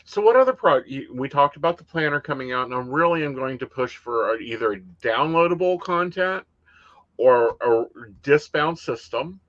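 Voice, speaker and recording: A man's voice: medium pitch, animated, normal speed, fairly bright tone, no echo. A man hosting a talk show, asking easygoing questions and chatting with enthusiasm. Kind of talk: casual interview chat. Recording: dull, dry lo-fi sound.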